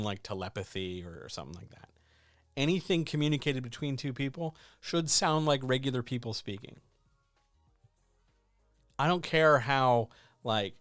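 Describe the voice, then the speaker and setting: A medium-pitched male writing coach and editor delivers casual instructional talk, coaching writers emphatically and frequently asking rhetorical questions. It's a dry recording with clean studio sound.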